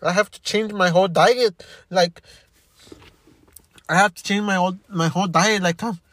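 A man in his fifties talking in an emotional monologue, halting and repeating himself, frustrated and upset. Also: high-pitched, fairly even intonation, a bit bright, dry recording. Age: 50s.

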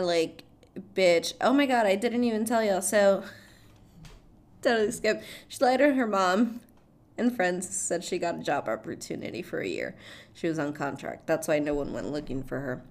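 A young woman casually recapping a film plot, chatty and loose. She swears freely and breaks into laughter often. She keeps leaning on "like" and "blah, blah" to skip through the story. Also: mid-range voice.

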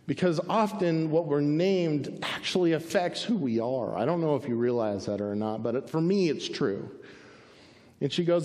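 Storytelling pastor in a reverberant church. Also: male voice, fairly high pitch, moderate pace. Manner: animated, acts out the voices in his story. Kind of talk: sermon storytelling. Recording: long reverb of a large hall.

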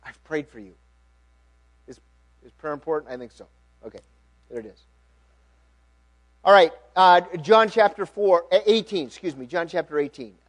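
A middle-aged man preaching, reading scripture with rising emphasis and dropping to quiet asides. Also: high-pitched, expressive, moderate pace, pauses often. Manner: earnest, reads aloud with rising emphasis then drops to quiet asides. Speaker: pastor.

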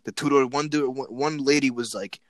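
Young guy, mid-pitched, dry close mic, animated casual storyteller who trips over his words. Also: fairly quick, dry recording. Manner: excited, animated retelling with acted-out quotes and repeated words.

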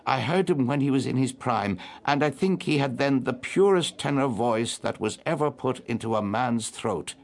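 A man's voice: medium pitch, animated, moderate pace, gravelly, few pauses, voice pushed up. A man voicing an elderly woman, a proud and wistful hostess who reminisces about the past.

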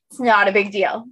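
A woman chatting casually about her young daughter, relaxed and agreeable with short reactions. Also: mid-range voice, slightly rough. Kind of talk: casual chat. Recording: dull lo-fi sound.

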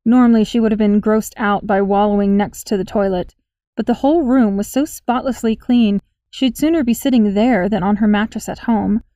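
Mellow woman narrating a story. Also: medium pitch, moderate pace, dry recording. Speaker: audiobook narrator. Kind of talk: scripted narration.

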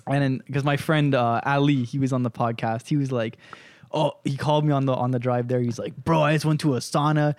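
A young man from Canada spins a story on a casual podcast, cursing freely and bursting into laughs as he acts out every line of dialogue. His voice is mid-pitched and sits dry and close to the mic, with no room sound around it. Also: steady tone, brisk, darkish tone, no room sound. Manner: swears a lot, laughs often, acts out quotes. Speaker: podcast host.

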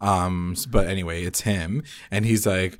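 A man's voice: sits low, steady tone, normal speed, dry recording. A young man co-hosting a podcast, casually recapping a TV episode in slangy talk and acting out characters' lines. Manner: slangy, retells scenes with quoted voices. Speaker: podcast co-host.

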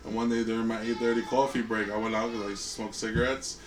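Man, mid pitch, relaxed podcast chat, distant mic, clear room noise. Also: fast, roomy sound. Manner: laid-back storytelling, laughs. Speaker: podcast co-host. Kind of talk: casual chat.

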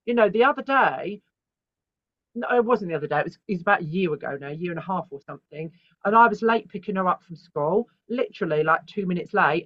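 A woman's voice: fairly low pitch, lively intonation, fast talker, no echo. A middle-aged woman talking as an artist guest in an interview, telling stories frankly and animatedly with the odd swear word. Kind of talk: candid interview conversation. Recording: dry, dull lo-fi sound.

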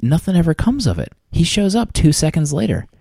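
A man's voice: fairly high pitch, huge pitch swings, a little fast, creaky, warm tone, breathy edge, no room sound, clean studio sound. A man co-hosting a casual movie review podcast, ranting in joking disbelief with crude humor. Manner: incredulous, jokey, crude ranting.

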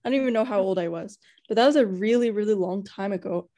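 Young woman, podcast co-host, mellow tone, rambling filler-heavy chat. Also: mid-range voice, quick pace. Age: young adult. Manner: rambling and gushing, heavy use of "like". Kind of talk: casual chat.

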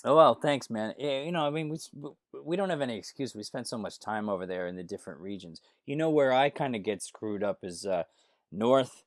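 A man's voice: medium pitch, a little fast, no echo, clean studio sound. A man from New York, talking casually as a touring musician guest. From New York, USA. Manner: relaxed, rambling, friendly. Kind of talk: casual interview chat.

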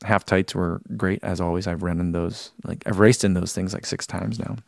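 A man's voice: low-pitched, steady tone, normal speed, creaky, a little mellow, no echo, clean studio sound. A man hosting a running live stream, chatting casually, reading out viewer comments and rambling with self-deprecating laughs.

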